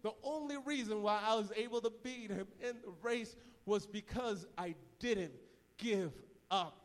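A young man telling a dramatic, animated story in a sermon to a large audience in a church hall. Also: high-pitched, a little slow. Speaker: preacher. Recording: long hall reverb.

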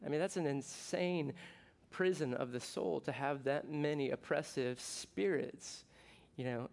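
Man, middle-aged, from the US, pastor, sermon, conversational, jokey, slightly high voice. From United States. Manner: conversational and jokey, with bursts of excitement.

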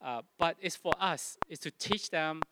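A man's voice: on the high side, a little slow. A man preaching a sermon to his congregation, earnest and plain-spoken, often stopping to restart or correct himself. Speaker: pastor. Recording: loud background noise.

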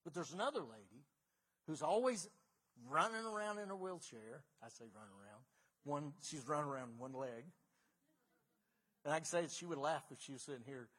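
Middle-aged male pastor, slightly high husky voice, preaches in a casual storytelling way with emphatic swells. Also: animated, a little fast, fairly bright tone. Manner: conversational, storytelling, rising to emphatic bursts. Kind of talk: sermon.

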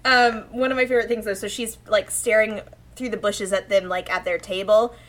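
A woman's voice: medium pitch, fairly even intonation, a little fast, fairly bright tone. A woman chatting casually about an anime episode, animatedly retelling scenes and acting out the characters' lines.

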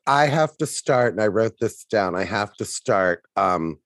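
A man's voice: fairly low pitch, expressive, measured pace, fairly bright tone, no echo. A man co-hosting a podcast in casual chat, emphatic, restarting sentences and acting out frantic lines. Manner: emphatic, hesitant restarts, acts out frantic quotes. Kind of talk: casual chat reviewing a sitcom.

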